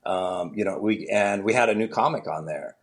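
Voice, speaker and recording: Man, comedian guest, lively storyteller, acts out voices, fairly low voice. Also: normal speed. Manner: animated, acts out the voices of people in his stories. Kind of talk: storytelling in an interview.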